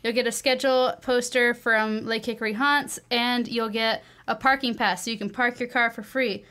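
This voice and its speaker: A woman runs a casual radio talk show, her voice sitting a little high. She chats in a playful way and draws out words when she wants to make a point. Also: fairly even intonation, bright, forceful tone. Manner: chatty, playful, drawn-out emphasis.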